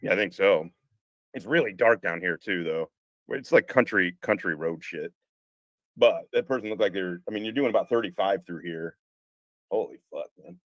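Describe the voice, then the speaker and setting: A low-pitched man hosting a live stream and telling war stories in a loose, rambling way. He swears freely and often restarts his sentences. His voice sounds close and dry. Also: normal speed, dry recording, poor audio. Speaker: podcast host. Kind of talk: casual live-streamed conversation. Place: home room, car parked outside.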